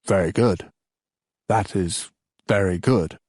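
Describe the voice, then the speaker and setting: A man's voice: deep voice, slow, a little mellow, no echo, studio quality. A man narrating an audiobook, voicing a proud middle-aged king who speaks in a formal, stiff, subdued way. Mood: stiffly formal.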